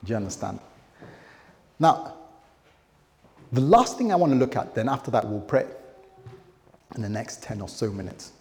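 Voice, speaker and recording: A man's voice: mid-range voice, very animated, normal speed, long pauses, darkish tone, long reverb tail. A man preaching a sermon as pastor, in a loose conversational way, acting out quoted dialogue.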